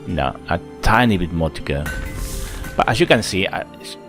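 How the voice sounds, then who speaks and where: Deep-voiced man chatting over game play. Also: lively intonation, moderate pace, vocal fry, over music. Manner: chatty, thinks aloud, counts workers under his breath. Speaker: gameplay channel host. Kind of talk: casual let's-play commentary.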